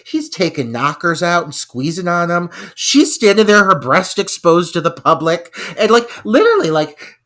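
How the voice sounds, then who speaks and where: A man's voice: high voice, sharp tone. A man co-hosting a podcast, ranting in exasperation about a film scene, swearing and laughing. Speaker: podcast co-host. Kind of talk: casual film review chat.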